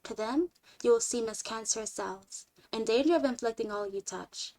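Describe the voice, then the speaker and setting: A woman voicing a weary male alien scout from a storybook, speaking slowly in a flat, formal way, lower and quieter than her reading voice. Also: close to an everyday voice. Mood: grave.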